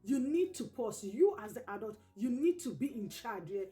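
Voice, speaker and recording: A woman hosting a parenting channel, giving advice straight to camera, repeating each key point slowly and emphatically. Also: fairly high pitch, sing-song, dark tone, faint music behind.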